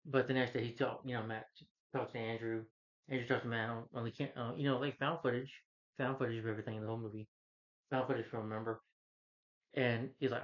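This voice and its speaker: A man's voice: mid-range voice, steady tone, a little fast. A man giving a casual, rambling plot recap as a movie reviewer, with many restarts and "you know" fillers. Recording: dull lo-fi recording.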